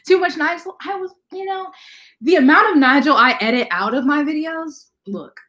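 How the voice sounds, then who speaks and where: A woman hosting a casual livestream, talking fast and chatting with viewers as she greets them. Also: sits high, a bit bright. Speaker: livestream host.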